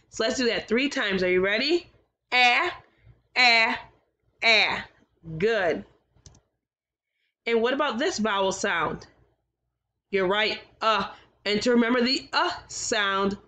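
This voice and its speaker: A woman teaching a recorded kindergarten phonics lesson, sounding out letters slowly and carefully with encouraging praise. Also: mid-range voice, pushed and bright.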